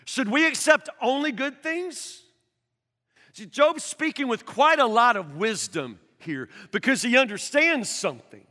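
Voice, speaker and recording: High, bright-voiced preacher in a reverberant hall. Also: male voice, animated, unhurried. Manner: earnest, repeats words when pressing a point, rises to near shouting. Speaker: pastor. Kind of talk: sermon. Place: church hall.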